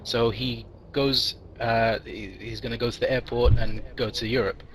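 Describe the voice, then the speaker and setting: A man's voice: medium pitch, fairly even intonation, normal speed, fairly bright tone, low-quality recording. Man rambling through a long joke. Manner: rambling, many fillers and restarts, laughing. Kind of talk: telling a long joke among friends.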